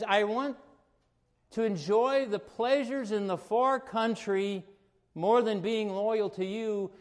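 High-voiced emphatic male preacher. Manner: emphatic preaching, swings between quiet asides and raised exclamations. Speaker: pastor. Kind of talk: sermon.

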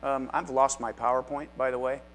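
A man's voice: mid-range voice, steady tone, brisk, a bit bright, a little hiss or hum. Chatty man teaching a Bible class. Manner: chatty and self-deprecating, with asides to the class.

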